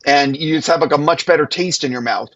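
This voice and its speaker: A male host with a slightly high voice, talking his way around long, rambling questions. The sound is dull and lo-fi, like a video call. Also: fairly quick, a bit bright. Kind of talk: live panel moderation.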